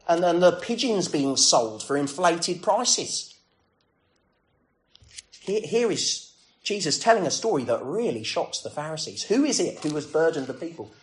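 A man preaching a sermon in a conversational way, full of rhetorical questions and self-deprecating asides. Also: a little high.

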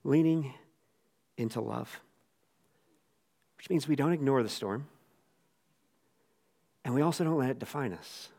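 A man preaching a sermon in a casual, conversational way. He acts out the quoted lines with lively voices. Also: medium pitch, moderate pace, pauses often. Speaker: pastor.

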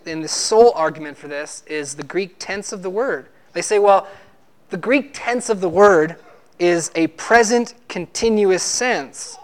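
A man preaching a sermon, arguing emphatically and teaching with rhetorical questions. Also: sits high.

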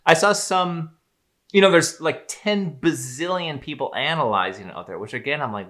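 A man's voice: medium pitch, normal speed, fairly bright tone. A man in casual podcast conversation, musing and thinking aloud with loose phrasing. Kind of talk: casual chat.

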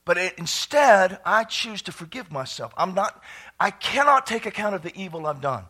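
Pastor, male, bright and high, repeats himself and laughs a lot, climbs to shouts. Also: normal speed. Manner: animated, dips to soft asides then builds to shouting; laughs often, repeats phrases. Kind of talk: sermon.

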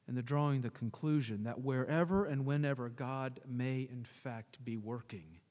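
A male pastor preaching a sermon, swinging between hushed and emphatic delivery. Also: mid-range voice, normal speed, few pauses, long reverb tail.

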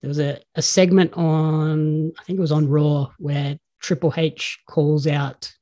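Mellow-voiced Australian man chatting casually. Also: on the high side, level tone, measured pace. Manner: chatty, enthusiastic storyteller. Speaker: podcast host. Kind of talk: casual chat.

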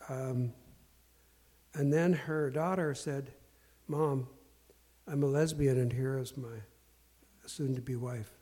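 A man telling candid stories in a self-deprecating, earnest way, halting often with fillers and restarts. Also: mid-range voice, steady tone, warm tone, slightly rough. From Portland area. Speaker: speaker sharing life lessons. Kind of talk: candid storytelling talk.

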